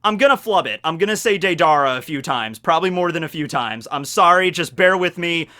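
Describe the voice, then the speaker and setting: A young man talking casually and animatedly about an anime, rambling and poking fun at himself. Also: fairly high pitch. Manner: animated, rambling, self-mocking with quick laughs. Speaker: anime discussion youtuber. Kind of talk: casual video commentary.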